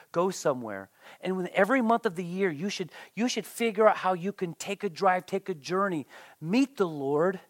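A pastor preaching a sermon in an animated way, often repeating words and briefly acting out the people quoted. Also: medium pitch, no room sound.

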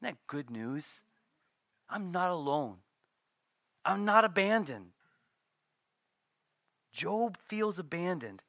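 A man preaching a sermon, swinging from hushed whispers to loud acted-out bursts. His voice sits a little high and rings bright and forceful. The sound is dry and close, with no room around it. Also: slow, long pauses, dry recording. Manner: animated, acts out quotes with sudden loud bursts and soft whispers. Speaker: pastor.

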